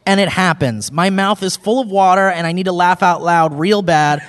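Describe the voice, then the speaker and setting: A man's voice: sits high, normal speed. A man co-hosting a live podcast, reading a listener's letter aloud in a casual, amused way. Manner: reads with laughs, breaks into shouted impressions. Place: live show venue with audience. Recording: long hall reverb.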